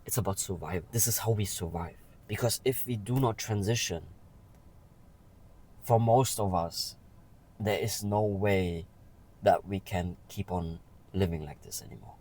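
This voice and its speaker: A man talking earnestly and with feeling in a personal vlog, pausing often to say "okay". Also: deep voice, a little mellow, low-quality recording. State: emotional. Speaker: vlogger.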